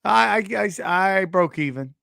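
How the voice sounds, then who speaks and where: Podcast host, male, a little high-pitched, jokey, dry sound. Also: expressive, measured pace, gravelly, pushed and bright, clear, resonant tone, no echo. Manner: teasing, jokey. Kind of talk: casual podcast chat.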